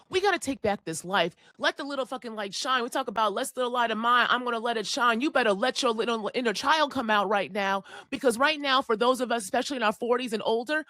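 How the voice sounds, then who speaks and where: A woman's voice: fairly high pitch, fairly bright tone, no room sound. Fiery, profane woman astrologer. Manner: fiery, preachy, profane, near tears. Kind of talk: impassioned forecast monologue.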